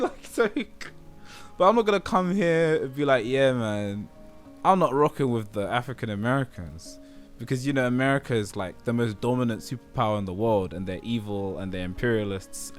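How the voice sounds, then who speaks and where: Lively, rambling young British man. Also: mid-range voice. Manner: rambling, often asks "do you know what I mean". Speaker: YouTube creator. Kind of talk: casual rambling monologue.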